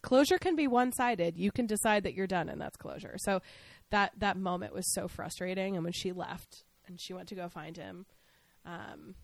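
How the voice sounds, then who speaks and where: A woman co-hosting a podcast, chatting casually as she recaps a TV episode, outspoken and animated, acting out the characters' lines. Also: fairly low pitch, moderate pace, vocal fry. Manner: animated, outspoken, acts out scenes. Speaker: podcast co-host.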